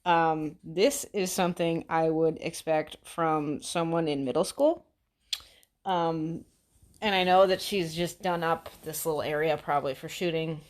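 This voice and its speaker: A woman's voice: sits low, fairly even intonation, a little slow. An American woman doing casual commentary, blunt, mocking and full of swearing. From United States. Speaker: commentary vlogger.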